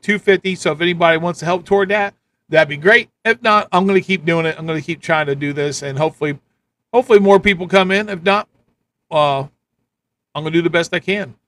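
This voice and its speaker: A man running a live stream with a high, bright voice. He rants blunt political commentary, repeating his points. The delivery is casual and hard-hitting. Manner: ranting, repetitive, blunt. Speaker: livestream host.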